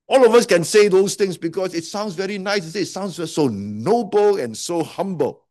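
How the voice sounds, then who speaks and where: Male pastor, higher-pitched, dry close sound, conversational sermon full of rhetorical questions. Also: lively intonation, moderate pace, darkish tone, no echo. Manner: asks listeners many rhetorical questions; half-joking, conversational preaching.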